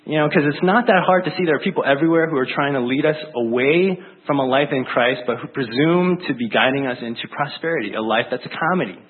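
A male pastor preaching in a loose, chatty way, full of fillers and asides. His voice is husky and mid-pitched. The sound is narrow and phone-like. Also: fast talker, few pauses. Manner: casual, chatty delivery with many fillers and laughs. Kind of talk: conversational sermon.

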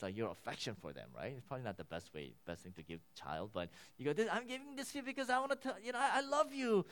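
A man preaching a sermon with a slightly high voice. His delivery is very lively, swinging up for emphasis and dropping low for quiet asides. He restarts and repeats words as he teaches. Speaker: pastor.

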